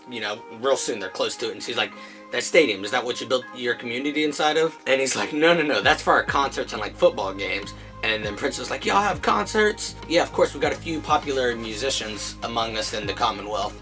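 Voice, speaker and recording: Animated man recapping comics. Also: mid-range voice. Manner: animated retelling, acting out characters' lines. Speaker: comic book review host. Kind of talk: casual chat recapping comics.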